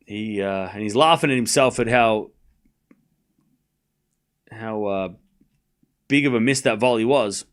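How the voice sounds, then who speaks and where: A man hosts a live tennis watchalong, chatting casually with viewers, reading chat, and calling out scores in a jokey, rambling way. His voice is on the low side, with a measured pace and long pauses.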